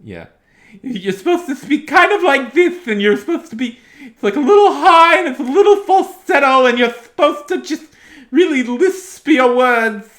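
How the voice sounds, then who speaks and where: A man on a live stream putting on a shrill, lisping falsetto impression of an old-time comedian. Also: lively intonation, a bit bright. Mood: mocking. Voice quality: high falsetto with a lisp. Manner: drawn-out, squealing delivery.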